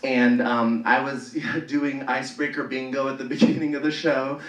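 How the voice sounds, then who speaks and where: Performing live before a laughing audience, a Bay Area stand-up comedian works the stage in a camp, animated style, leaping into shrieking high voices for his punchlines at a moderate pace. The room is echoey, his mic sounds distant, and the crowd comes through clearly.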